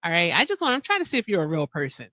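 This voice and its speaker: A woman hosts a casual live stream, loud and joking. She teases the people in the chat and laughs often. Her voice swings widely in pitch, and the sound is dry and close. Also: wildly swooping pitch, racing, no room sound. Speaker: host.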